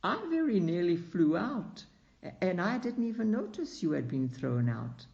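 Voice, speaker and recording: A man's voice: high voice, very animated, moderate pace, vocal fry, darkish tone, pitched above the performer's own voice, heavily acted. A man voicing a good-humoured young male student who chats lightly on a cart ride. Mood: amused. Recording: dull lo-fi recording.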